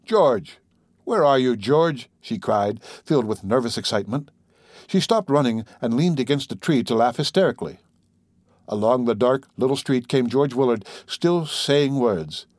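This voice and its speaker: A man's voice: medium pitch, lively intonation, normal speed, darkish tone, dry recording, clean studio sound. Man narrating a classic novel. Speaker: audiobook narrator. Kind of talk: literary audiobook narration.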